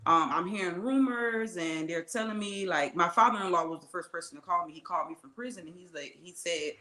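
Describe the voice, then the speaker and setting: An earnest woman tells her life story as an interview guest. She talks in a bright, forceful voice, scatters "you know" through her sentences and acts out the quotes. The room has a noticeable echo. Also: lowish voice, brisk. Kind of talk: personal life story told in conversation.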